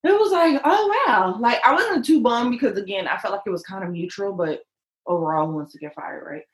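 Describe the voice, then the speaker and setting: A woman co-hosting a casual chat, an animated, joking storyteller. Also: mid-range voice, brisk, roomy sound, rough recording. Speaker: podcast co-host.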